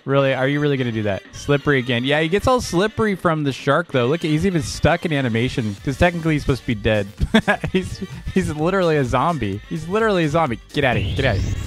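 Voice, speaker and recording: Gaming host, male, upbeat and jokey, voice sits a bit high, sudden yelps. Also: fairly quick, soft background music. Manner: excitable, laughs often, sudden high-pitched outbursts. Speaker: gaming YouTuber. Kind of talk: casual gameplay commentary.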